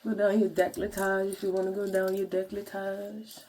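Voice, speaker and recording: A woman's voice: mid-range voice, flat delivery, fairly quick, a little mellow. A young woman vlogger chatting casually to viewers in slangy talk while walking through her skincare routine. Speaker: beauty vlogger.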